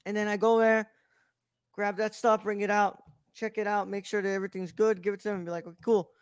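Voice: mid-range voice, flat delivery, brisk, smooth, no room sound, studio quality. A co-host in a casual live podcast chat, talking easily and calling people "bro". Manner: laid-back, says "bro" and "um" often.

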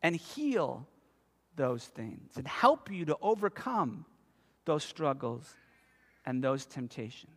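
Man, 50s, pastor, sermon, high voice, animated storytelling, long echoing hall. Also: takes it slowly, husky. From United States. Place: church sanctuary. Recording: long reverb of a church hall.

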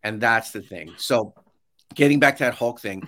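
This podcast guest, an education consultant, has a lowish voice and a moderate pace. Talking over a video call from his home office with shelves, he tells stories in a casual interview, animatedly acting out others' lines and making frequent restarts.

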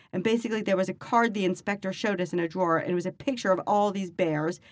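A woman's voice: medium pitch, no echo. A middle-aged woman co-hosting a casual podcast, chatting wryly and reading news items aloud with dry asides. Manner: wry, chatty, reads articles aloud with dry remarks. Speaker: podcast co-host.

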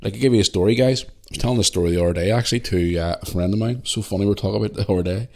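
A man's voice: fairly low pitch, very fast, darkish tone. A man with a Northern Irish accent hosting a podcast, telling stories in a blunt, opinionated way. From Northern Ireland. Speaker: podcast host. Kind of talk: casual monologue.

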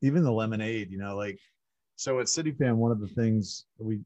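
Male podcast host, relaxed and encouraging; low voice, dry, muffled lo-fi audio. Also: fairly quick, no echo. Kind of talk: casual interview chat.

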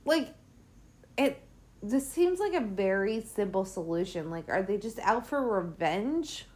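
A woman's voice: mid-range voice, lively intonation, a little slow, darkish tone. A woman podcast host giving casual movie commentary, swearing a lot and ranting in an exasperated, sarcastic way.

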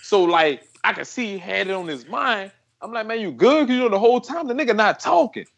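A man's voice: high voice, lively intonation, fairly quick, gravelly. A man telling a crude story in casual chat, swearing, full of slang and laughing as he goes.

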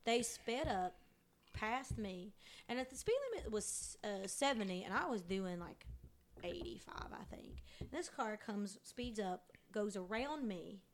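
A woman co-hosting a podcast, telling long stories in relaxed casual chat. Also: mid-range voice, unhurried, a little hiss or hum. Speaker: podcast co-host.

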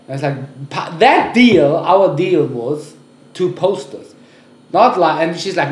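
A man telling a story in casual podcast chat, animated, swearing and laughing as he goes. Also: fairly high pitch, slow. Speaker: podcast co-host. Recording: roomy echo, faint ambient noise.

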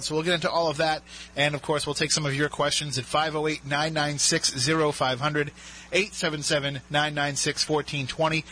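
A chatty talk radio host with a South Coast Massachusetts accent. His voice is bright and sits a little high, and he runs through call-in numbers in quick clusters. A faint hum lies under the studio mic. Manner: chatty, upbeat, reads phone numbers in clusters.

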